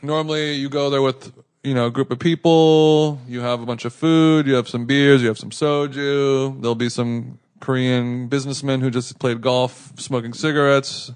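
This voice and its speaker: A man's voice: mid-range voice, normal speed, clean tone. A man co-hosting a podcast, telling a rambling anecdote in casual chat with lots of restarts. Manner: rambling, animated anecdote with acted quotes. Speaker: podcast co-host.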